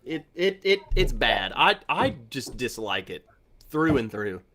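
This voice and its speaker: A man's voice: mid-range voice, very animated, measured pace, sharp tone, slight background noise. A man hosting a casual livestream chat, who laughs often and stumbles over his first words. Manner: laughs often, repeats words when starting. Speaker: livestream host.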